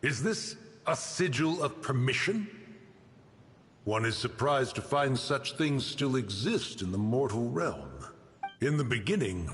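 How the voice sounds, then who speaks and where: An actor playing a stern, ancient guardian spirit of a mountain who speaks in an archaic, formal, menacing way. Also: male voice, medium pitch, long reverb tail, slight background noise. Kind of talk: game cutscene voice acting.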